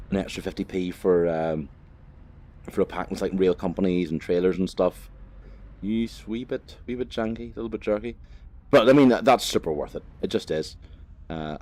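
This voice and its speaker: Playing a driving game for his channel, this man chats loosely in a low voice with a darkish tone. The laid-back gaming vlogger wanders through his commentary, swears casually and leans on lots of fillers.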